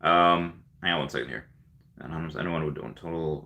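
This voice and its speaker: A man's voice: rumbling low, steady tone, a little fast, gravelly, bright, forceful tone. A young man hosting a casual livestream, rambling and reading viewer comments aloud with many fillers. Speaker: livestream host.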